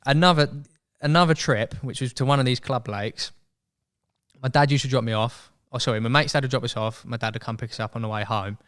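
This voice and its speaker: A young man telling a story as a podcast guest in casual chat, animated and acting out voices. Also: medium pitch, fairly quick. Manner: chatty, animated, acts out quoted voices.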